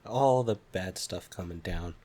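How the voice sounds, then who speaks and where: A man co-hosting a casual podcast with friends, stuffed up from a cold and talking in a low-key, laid-back way. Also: a little slow, mellow. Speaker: podcast co-host. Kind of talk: casual chat among friends.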